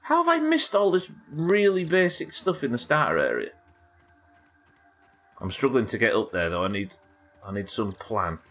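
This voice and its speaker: A man's voice: mid-range voice, sing-song, moderate pace, long pauses, fairly bright tone. A young man with a Yorkshire accent chatting and swearing casually as he plays a game on a live stream and talks to his chat. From Yorkshire, England. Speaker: livestreamer. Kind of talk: casual gameplay commentary.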